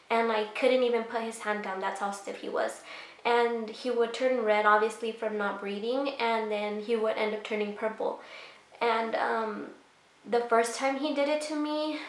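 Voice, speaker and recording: A woman's voice: a little high, roomy sound. A young woman vlogger telling a personal story in a casual, rambling way, full of fillers. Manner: rambling, many fillers, emotional retelling.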